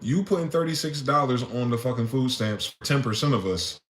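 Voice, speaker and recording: A man's voice: mid-range voice, brisk, a little hiss or hum. Heated man ranting in an echoey room. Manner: heated, profane, full of rhetorical questions. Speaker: vlogger. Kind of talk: impassioned solo rant.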